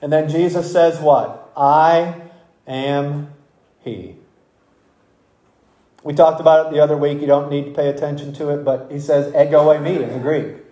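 A preacher delivers an expository sermon slowly and emphatically, posing rhetorical questions to the congregation. His mid-range voice is warm and level in tone, recorded in an echoey room.

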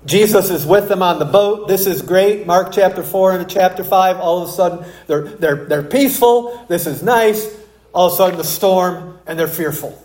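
A man with a slightly high voice preaches a sermon, reading scripture and then telling stories with emphatic, animated delivery. The sound rings out with a roomy echo, as in a church sanctuary. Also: moderate pace. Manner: storytelling, emphatic and animated in anecdotes. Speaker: pastor.

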